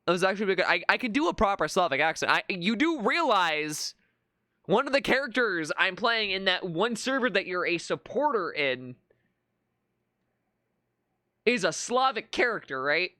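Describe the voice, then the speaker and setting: A streamer chatting through a live session, the tone bright and up-front. The voice rises and falls with lively swings. The delivery is relaxed and unscripted, with frequent stammered restarts. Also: mid-range voice, moderate pace, no room sound, clean studio sound. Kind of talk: casual live-stream commentary.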